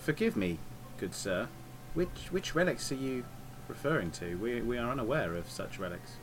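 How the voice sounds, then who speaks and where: A man's voice: medium pitch, lively intonation, normal speed, noisy background, natural voice. A man voicing a courteous mechanical construct who speaks in a stiff, formal way. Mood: evasive. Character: polite mechanical male construct with metal feet.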